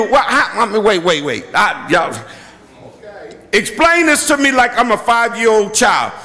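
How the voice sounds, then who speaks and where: A bishop delivers his sermon in a very high, sharp voice. He repeats his points and keeps breaking into shouts. His words ring with the long echo of a church hall. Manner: emphatic, repetitive, bursts into shouting. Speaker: bishop and pastor. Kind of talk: preaching a sermon. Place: church sanctuary.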